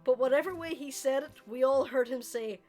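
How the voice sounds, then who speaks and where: A woman's voice: high-pitched, brisk, over music. Giggly woman with a raised voice. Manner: laughing, teasing banter. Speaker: player. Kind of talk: casual chat at a tabletop game.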